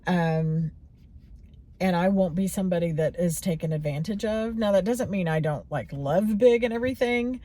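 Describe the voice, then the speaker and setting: A woman's voice: on the low side, moderate pace, mellow. A woman in her forties talking candidly and rambling a little as she reflects on her own feelings in a personal vlog. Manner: candid, rambling, many fillers and restarts. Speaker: vlogger.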